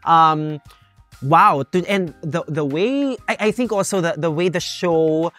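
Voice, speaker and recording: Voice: medium pitch, measured pace, fairly bright tone, soft background music. A podcast co-host with a Filipino accent, supportive and joking, chatting in English mixed with Filipino. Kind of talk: casual podcast chat mixing English and Filipino.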